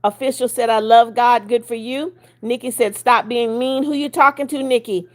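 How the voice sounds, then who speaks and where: A woman in her seventies hosts a casual live stream, reading out comments and greeting each viewer by name. Her voice sits a little high for a woman, with fairly even intonation and a moderate pace, and her chatty, blunt manner turns scolding when someone annoys her.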